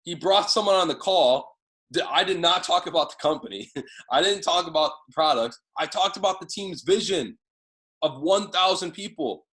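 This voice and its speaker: A man leading a team sales training, talking excitedly and casually, swearing now and then as he fires up his audience. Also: high-pitched, rough recording. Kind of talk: motivational training talk.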